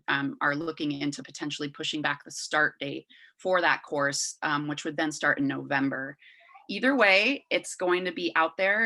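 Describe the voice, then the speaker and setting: A woman's voice: deep voice, bright, forceful tone, low-quality recording. A woman presenting a farming course on a video call over Bluetooth earbuds, chatty with lots of fillers. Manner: chatty, filler-heavy, loses her words. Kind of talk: online meeting presentation.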